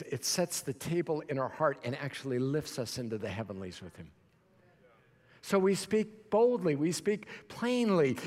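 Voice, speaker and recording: Male pastor, high voice, preaching plainly with loud and hushed swings; long hall echo. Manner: swings from loud near-shouting to quiet low talk; plain-spoken, with quick repeated restarts. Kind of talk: sermon.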